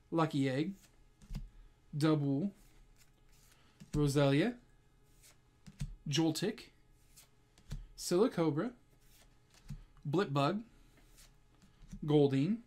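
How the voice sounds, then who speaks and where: An excitable man opening trading card packs at home for his viewers, keeping up friendly chatter and calling everyone "guys". When a rare card turns up, his voice jumps high and loud with delight. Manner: excitable, breaks into high-pitched shouts over good pulls; keeps addressing viewers as "guys". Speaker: card-pack opening channel host. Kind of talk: casual pack-opening vlog. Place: at home with a dog in the room.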